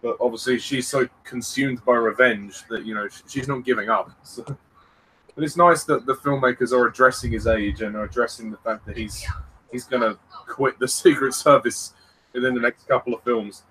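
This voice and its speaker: A man's voice: mid-range voice, normal speed, pushed and bright, breathy edge, poor audio. A man casually commentating on a film, easygoing and agreeable. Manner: easygoing, agreeable, laughs often.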